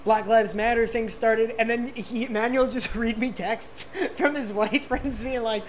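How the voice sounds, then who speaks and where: A man on a podcast, excitedly retelling jokes he loves and laughing along. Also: extremely high pitch, measured pace, few pauses, slight background noise. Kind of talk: casual chat.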